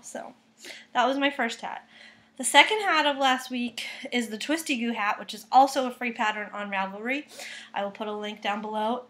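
A woman from Boston talks through her knitting projects in a loose, chatty way. Her voice sits a little high, and she stops and restarts often, with plenty of fillers. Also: a bit bright. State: close to tears, subdued. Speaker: knitting vlogger. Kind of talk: casual chat to camera. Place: home kitchen.

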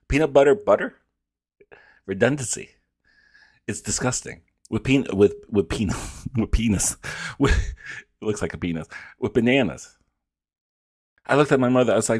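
A man with a lowish, husky voice that swings widely in pitch as he chats. He reacts to a film with campy, profane storytelling, and the sound is dry and close. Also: dry recording. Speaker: reaction video host. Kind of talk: casual reaction chat.

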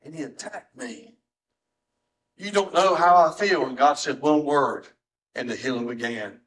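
Emotional pastor preaching. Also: male voice, measured pace, low-quality recording. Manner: emotional, swings from soft low tones to high strained cries. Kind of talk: sermon. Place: church sanctuary.

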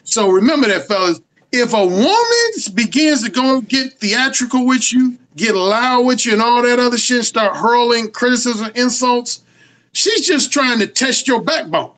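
Guy with a high voice lecturing about dating, emphatic and cussing a lot. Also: lively intonation, normal speed, fairly bright tone, low-quality recording. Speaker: dating coach and interview guest. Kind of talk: casual interview.

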